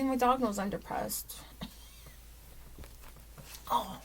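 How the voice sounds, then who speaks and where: A young woman vlogging at home, low and teary, rambling with lots of "like". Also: takes it slowly, fairly bright tone, slight background noise. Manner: rambling, says "like" often. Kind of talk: casual confessional vlog.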